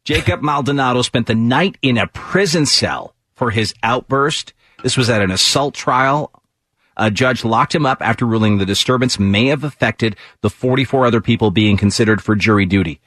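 A man hosting a radio talk show, telling a news story to his co-hosts in a relaxed way. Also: mid-range voice, normal speed, no echo, clean studio sound. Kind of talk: reading news items on air.

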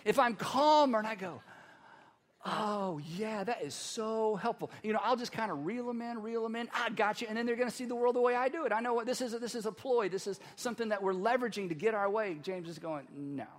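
A man preaching a sermon in a conversational, animated way, acting out voices as he teaches. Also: very high voice, fast talker, hardly any pauses. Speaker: pastor. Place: church auditorium. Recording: long hall reverb.

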